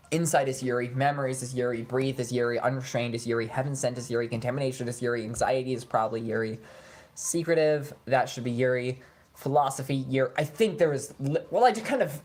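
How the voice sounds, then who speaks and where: A young adult woman giving casual let's-play commentary, playful and teasing, swinging fast between moods. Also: extremely low pitch, a little mellow. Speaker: gaming streamer.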